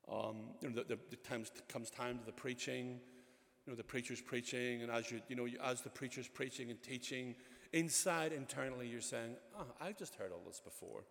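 A man's voice: mid-range voice, creaky. A male pastor preaching a sermon in a conversational way, with frequent asides and restarts. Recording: long church reverb.

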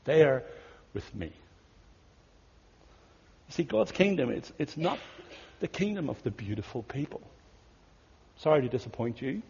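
A man telling a story in a sermon, earnest and conversational, often dropping to hushed tones, with a husky voice. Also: fairly high pitch, sing-song, moderate pace, a little hiss or hum. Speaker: pastor. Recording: dull audio in a big reverberant hall.

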